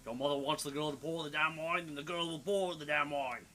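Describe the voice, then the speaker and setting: A man's voice: a little high, fairly even intonation, fairly quick, pushed and bright. A man voicing a haughty upper-class mother who scolds at the dinner table. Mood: imperious. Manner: imperious, scornful.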